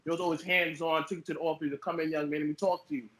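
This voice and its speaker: Animated man hosting a podcast. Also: fairly high pitch, racing. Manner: animated, emphatic questioning. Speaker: podcast host. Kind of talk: casual interview. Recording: echoey room.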